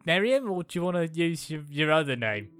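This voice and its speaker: A woman's voice: sits low, very animated, fairly quick, soft background music. A woman playing in a tabletop game, talking playfully with many hesitations. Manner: playful, hesitant, full of fillers. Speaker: player. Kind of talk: casual tabletop role-play.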